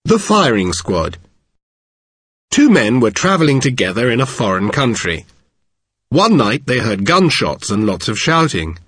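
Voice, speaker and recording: A man reads short jokes aloud slowly, his voice a bit husky. His pitch ranges very widely as he tells the stories. The recording is dry and close. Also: no echo. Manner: measured, expressive reading. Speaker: narrator and host. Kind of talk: scripted story narration.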